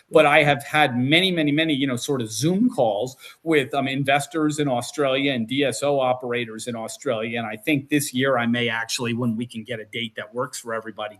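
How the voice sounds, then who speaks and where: A man hosting a podcast, telling stories in a casual and animated way, often restarting sentences. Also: mid-range voice. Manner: animated, acts out quotes, many restarts. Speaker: podcast host. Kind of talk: casual storytelling chat.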